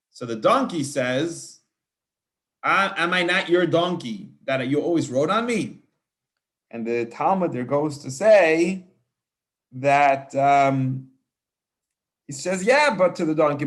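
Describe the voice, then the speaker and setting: A rabbi, male with a fairly high, slightly bright voice, teaches a verse-by-verse scripture class. He reads Hebrew phrases and translates them chattily, restarting often.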